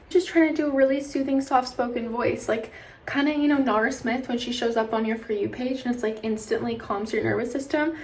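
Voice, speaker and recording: Her voice a little high, fast and a little mellow, a young woman from British Columbia, Canada rambles through a casual vlog to camera while tired from lack of sleep. She leans on "like" and keeps restarting her sentences, with a little hiss or hum in the recording.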